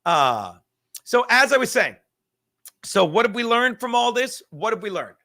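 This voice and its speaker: A man's voice: very high voice, big pitch swings, unhurried, sharp tone. A young man hosting a casual podcast, rambling and swearing constantly while fiddling with his laptop and a cigar. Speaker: show host. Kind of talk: casual profane podcast rant.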